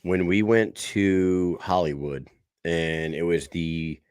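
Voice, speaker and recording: A man with a very low voice talks fight news on a podcast, full of curse words and quick self-corrections. The sound is dry and close, with no room echo. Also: little pitch movement, darkish tone, smooth. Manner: profane, rambling storyteller who corrects himself. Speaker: podcast co-host. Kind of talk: casual sports podcast chat.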